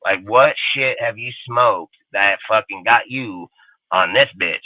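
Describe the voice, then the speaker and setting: A man hosting a sports talk show in a casual, animated, rambling rant full of swearing. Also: lowish voice, measured pace, no room sound. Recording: tinny phone-like line, dry.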